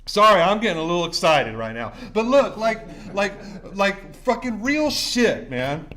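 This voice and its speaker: A man's voice: high-pitched, very animated, a little slow, fairly bright tone. A middle-aged man, sharing his recovery story at a meeting in an intense, profane, repetitive way. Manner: intense, profane, repeats himself. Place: recovery center meeting room.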